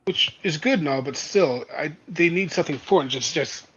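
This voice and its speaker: A man's voice: on the high side, a little fast, a bit bright, breathy edge. A man co-hosting a casual wrestling podcast, making dry, wry remarks. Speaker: podcast co-host. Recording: dull lo-fi mic.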